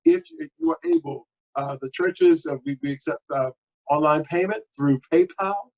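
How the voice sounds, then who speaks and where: Pastor, male, lively high-pitched voice, husky, dull lo-fi home recording. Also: normal speed. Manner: animated and exhortative, with sudden high exclamations. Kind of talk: sermon.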